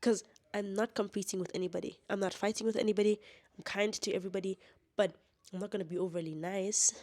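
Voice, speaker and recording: A woman's voice: medium pitch, warm tone. A young woman talking straight to camera in a candid vlog monologue, blunt and defiant, laughing often. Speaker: vlogger.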